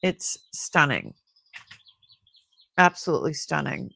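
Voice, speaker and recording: A woman's voice: lowish voice, takes it slowly, gravelly, fairly bright tone, no echo. A middle-aged woman hosting a live jewelry sale, chatting casually and admiring each piece as she rambles. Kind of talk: casual live-stream selling chat.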